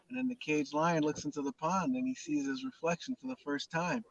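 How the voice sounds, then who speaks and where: A man's voice: fairly high pitch, lively intonation, fairly quick, dull audio, background noise. Man talking faith, repeating as he goes. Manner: repeats words and restarts, preacherly emphasis. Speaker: host. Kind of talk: casual spiritual talk.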